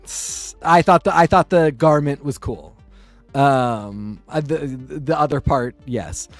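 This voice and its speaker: A man's voice: medium pitch, slow pace, no room sound, soft background music. A man co-hosting a podcast in casual chat, thoughtful and hesitant with frequent restarts. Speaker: podcast co-host.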